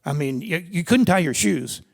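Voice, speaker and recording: A man's voice: a little high, lively intonation, moderate pace, gravelly, darkish tone. An older man speaking at a seminar, telling personal racing stories in a rambling, conversational way with many restarts. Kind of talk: personal storytelling talk. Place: seminar hall.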